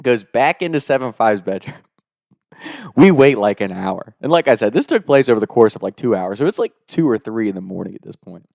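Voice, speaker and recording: Brief: young man, casual storyteller, lively and laughing, dry close sound. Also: on the low side, brisk, gravelly, dry recording. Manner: animated, laughs often, profane.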